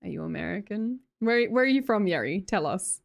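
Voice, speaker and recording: A woman's voice: mid-range voice, lively intonation, brisk, gravelly. An Australian woman live streamer chatting casually with viewers, scattered and self-mocking, laughing often. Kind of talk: casual chat reading viewer messages.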